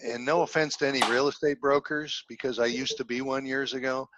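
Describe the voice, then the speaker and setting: A middle-aged man, an investor and teacher, telling stories in an animated, folksy way as a guest from home. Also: medium pitch, no room sound, highs cut off. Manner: animated storyteller, folksy, quick with jokes. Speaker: guest, real estate investor and instructor. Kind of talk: casual storytelling interview.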